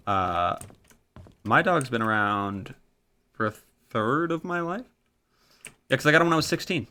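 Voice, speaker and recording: Guy in his 20s streaming a game, rambly, swears a lot, really animated up and down voice. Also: medium pitch, unhurried. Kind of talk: casual live-stream gaming chat.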